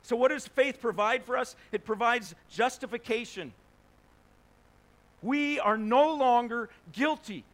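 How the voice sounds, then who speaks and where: A man with a notably high voice delivering a sermon. He preaches conversationally, asking the congregation rhetorical questions and briefly acting out the people in his stories. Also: unhurried, a bit bright. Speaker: pastor.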